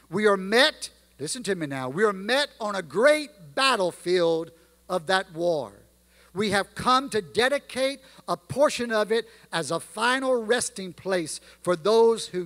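A man's voice: high-pitched, fairly bright tone. A man with a Southern American accent preaching a sermon in a church, reciting lines with emphatic, sing-song delivery. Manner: preaching with sung-spoken quotes, emphatic. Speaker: guest preacher. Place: church sanctuary. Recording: church hall reverb.

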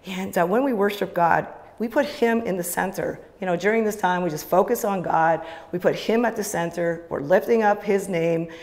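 A woman's voice: fairly low pitch, normal speed, few pauses, darkish tone. A woman speaking casually and with enthusiasm to a church congregation, with many fillers. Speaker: church leader giving the offering talk. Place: church sanctuary. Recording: long church hall reverb.

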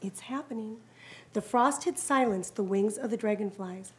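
A woman reading a children's picture book aloud to a child, animated and encouraging. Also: mid-range voice, moderate pace.

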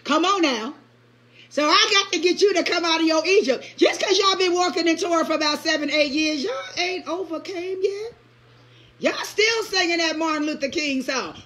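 A woman preacher delivering an impassioned live-streamed sermon. She speaks in the first person as God, throws in call-and-response asides, laughs often, and swings from loud outbursts to hushed lines. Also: very high voice, moderate pace. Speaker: preacher leading early-morning prayer.

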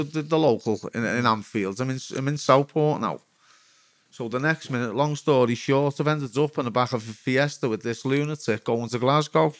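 A former footballer from Liverpool, England, a man in his forties with a Liverpool accent, tells his story as a guest, frank, rambling, and full of swearing. His medium-pitched voice is a bit bright, recorded at studio quality with no room sound.

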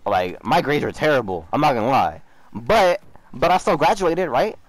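A man's voice: medium pitch, sing-song, moderate pace. A young man chatting casually while gaming, teasing and mocking another player, often repeating himself. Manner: mocking, repeats himself, says bro a lot. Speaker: YouTuber trolling a scammer.

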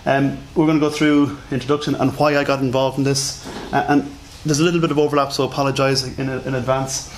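A man's voice: medium pitch, flat delivery, fast talker, few pauses, a little hiss or hum. Chatty man giving a conference lecture. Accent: non-standard English accent. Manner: self-deprecating, chatty, many fillers. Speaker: conference speaker.

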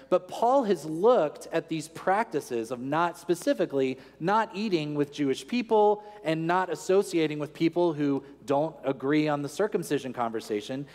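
A man preaching a sermon in an earnest teaching tone, asking rhetorical questions. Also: on the high side. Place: large church sanctuary. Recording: long church reverb.

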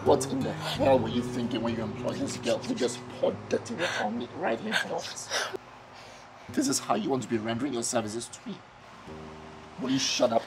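An actor playing an angry boss, scolding and barking orders in a film drama. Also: male voice, medium pitch, expressive, brisk, natural voice. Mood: furious. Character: furious wealthy male boss, harsh and demanding. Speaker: company boss. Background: film score music.

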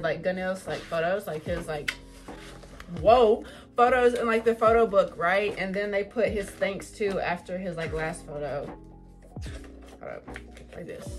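A young woman gushing over an album unboxing in casual chat, excitable, swearing and full of fillers. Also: mid-range voice.

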